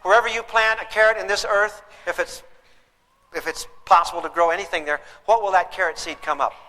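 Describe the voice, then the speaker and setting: A man's voice: sits high, fairly quick, pushed and bright, in a large hall, rough recording. A man teaching a parenting class to a live audience, emphatic and throwing questions at them.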